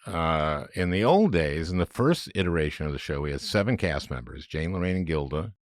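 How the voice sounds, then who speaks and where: A man's voice: low-pitched, big pitch swings, brisk, no echo, clean studio sound. A man hosting a podcast interview, laughing often and restarting his sentences. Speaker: podcast host. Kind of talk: casual interview.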